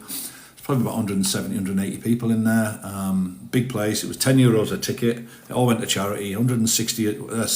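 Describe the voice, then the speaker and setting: A man's voice: fairly low pitch, roomy sound. A man chatting casually on a live stream from his home, rambling and self-deprecating.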